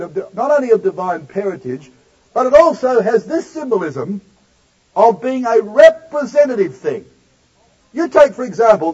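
A male preacher delivering a sermon, addressing the congregation directly and slowing down to stress key words. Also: high voice, darkish tone, slightly rough, lo-fi sound.

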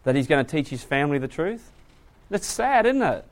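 A man preaching a sermon, retelling a story with lively voices and asking the audience questions. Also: fairly high pitch, fairly quick.

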